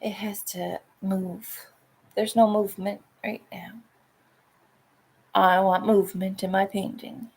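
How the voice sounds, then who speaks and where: Slow-talking, salty woman vlogger. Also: medium pitch, little pitch movement, a little mellow, slightly rough. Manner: salty, swears freely, laughs often. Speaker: painting vlogger. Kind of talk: casual chat while painting.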